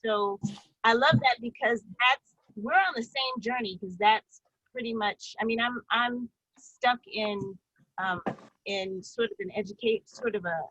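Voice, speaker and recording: A woman's voice: a little high, measured pace, fairly bright tone, dry recording, highs cut off. A woman in a writing workshop on a video call, talking enthusiastically and rambling with restarts. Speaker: workshop participant, doctoral student.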